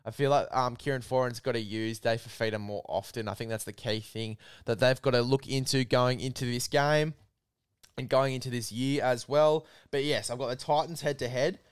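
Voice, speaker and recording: A man's voice: medium pitch, steady tone, normal speed, clear, resonant tone, no room sound. A man hosting a casual sports podcast, chatting matey about bets and plugging a sponsor. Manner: matey, hypes bets and sponsor with filler "mate". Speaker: podcast host.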